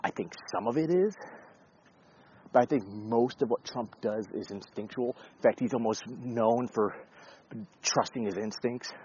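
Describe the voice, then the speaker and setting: A man's voice: medium pitch, darkish tone, husky, dull audio. A man giving blunt, profane, casual commentary, talking in a conversational way with frequent restarts.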